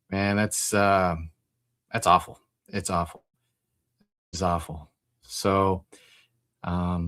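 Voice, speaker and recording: A man with a lowish voice hosts a Christian apologetics call-in stream, reading the chat and talking casually. He rambles and thinks out loud, using lots of fillers. The recording has no echo.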